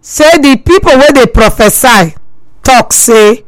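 A woman with a Nigerian Pidgin accent, hosting a talk show and retelling a listener's story in a lively voice with drawn-out emphasis. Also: fairly high pitch, no room sound, poor audio. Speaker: radio talk host.

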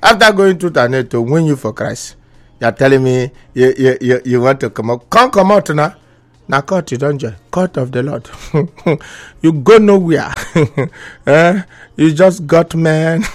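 A man's voice: a little high, expressive, slow pace, long pauses. Laughing Nigerian man, mock preaching. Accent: Nigerian Pidgin. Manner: playful mock preaching, laughs often between lines. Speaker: comic preacher host of a live stream. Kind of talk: live-stream comedy, reading viewer comments.

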